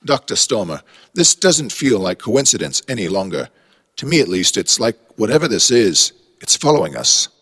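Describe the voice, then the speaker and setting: A man's voice: lowish voice, very animated, moderate pace, a bit bright, slightly rough, in a large hall, heavily acted. A man voicing a polite, uneasy British father on holiday, speaking with a British accent in formal, apologetic phrases. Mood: worried.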